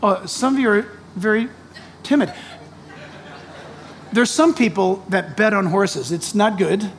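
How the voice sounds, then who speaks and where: A pastor preaching a sermon, animated, with joking asides and acted-out quotes. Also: male voice, high voice, a little slow, slight background noise. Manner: animated, jokey asides, acts out quoted voices.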